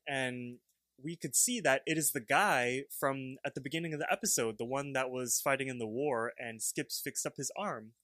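A young man chatting on a podcast, telling a cartoon plot in a loose, rambling way and slipping into quick voices for the characters. His voice sits mid-range, and the sound is dry and close with no room behind it. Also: mid-range voice, a bit bright, no room sound. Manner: rambling, acts out characters' lines while retelling. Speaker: podcast co-host. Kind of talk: casual chat recapping a cartoon episode.

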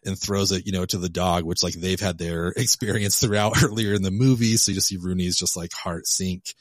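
Deep-voiced man chatting about movies. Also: fairly even intonation, fairly quick, hardly any pauses, no echo, clean studio sound. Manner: rambling, heavy on filler words. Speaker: guest co-host. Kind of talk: casual podcast film discussion.

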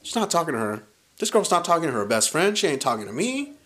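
A man in his thirties casually telling a story in a podcast chat, animated and swearing often, acting out what people said. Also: on the high side, quick pace. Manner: animated, profane, acts out quoted lines.

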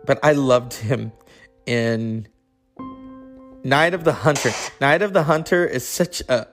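Gravelly guy rambling excitedly about old movies, bit of music under it. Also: mid-range voice, unhurried. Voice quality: rambling, enthusiastic. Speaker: host. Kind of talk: casual chat about old films.

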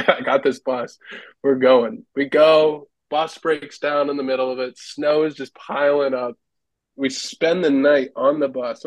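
A man's voice: medium pitch, no room sound, poor audio. A man, a former hockey goalie, telling rambling stories as a podcast guest and laughing often. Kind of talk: casual storytelling.

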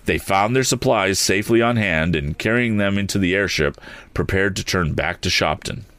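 A man's voice: deep voice, normal speed, dry recording. A man reading a story aloud, giving each character a voice, with a few restarts along the way. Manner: animated, lively reading with occasional restarts. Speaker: audiobook reader.

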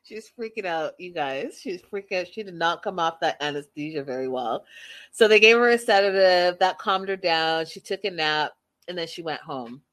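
A woman's voice: fairly low pitch, animated, moderate pace, fairly bright tone. A woman hosting a casual recap of a reality show, reading viewer comments aloud and giving chatty, opinionated takes. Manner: chatty and opinionated, with frequent fillers.

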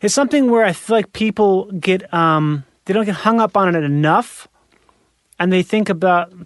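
A man's voice: high-pitched, moderate pace, dry recording, clean studio sound. A man hosting a podcast, chatty and blunt, asking questions and voicing strong opinions. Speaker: podcast host. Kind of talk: casual podcast interview.

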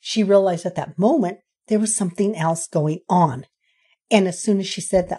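A woman's voice: on the low side, normal speed, slightly rough. A middle-aged woman counselor talking earnestly about parenting in an interview, acting out parents and children as she quotes them. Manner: earnest, animated when quoting parents. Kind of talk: conversational interview.

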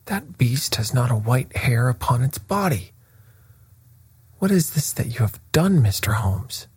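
A man voicing an agitated middle-aged colonel who owns a racehorse, with high, strained outbursts. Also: very animated, slow, creaky, darkish tone, breathy edge, full character voice. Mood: indignant.

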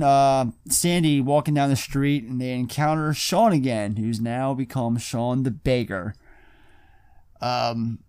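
A man's voice: mid-range voice, gravelly, darkish tone, clean tone, no room sound. A man co-hosting a casual film podcast, loosely retelling scenes with plenty of swearing. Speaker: podcast co-host. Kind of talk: casual film-review chat.

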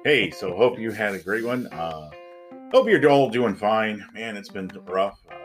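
A man with a somewhat low voice co-hosts a podcast in easygoing chat. He talks loosely, with plenty of fillers. Faint music sits behind him. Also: measured pace. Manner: relaxed, agreeable, many fillers. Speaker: podcast co-host. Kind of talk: casual chat.

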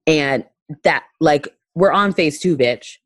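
A woman comedian with a low, deep voice speaks emphatically and bluntly in a casual chat. She sounds close to the mic, and the recording is dry with no room sound. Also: slow pace, no room sound, low-quality recording. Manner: emphatic, profane, preachy. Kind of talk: casual podcast conversation.

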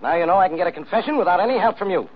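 An actor playing a blustering, browbeating police inspector in 1940s radio acting style. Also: male voice, high voice, animated, rapid-fire. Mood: scoffing. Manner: brusque, browbeating. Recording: dull old radio broadcast.

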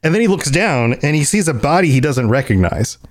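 A man's voice: on the high side, very animated, brisk. A man co-hosting a casual podcast, talking in a rambling way with many restarts, laughing as he acts out scenes. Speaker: podcast co-host. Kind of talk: casual chat.

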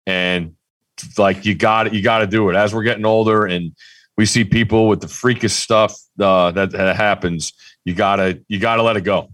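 A man's voice: on the low side, steady tone, normal speed, fairly bright tone, no echo. A man co-hosting a casual sports talk show, rambling with many restarts and fillers. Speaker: co-host.

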